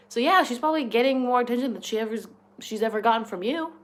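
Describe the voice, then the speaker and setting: A young woman with a slightly higher voice delivers casual reaction commentary. She is blunt, profane and openly sarcastic, firing off dry jabs as she talks. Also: fast talker, few pauses. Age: young adult. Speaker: reaction channel host.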